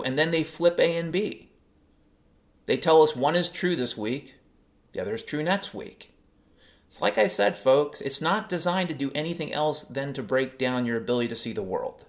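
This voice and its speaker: A man's voice: fairly high pitch, fairly bright tone. Profane ranting podcast man. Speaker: podcast host. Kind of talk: solo podcast rant.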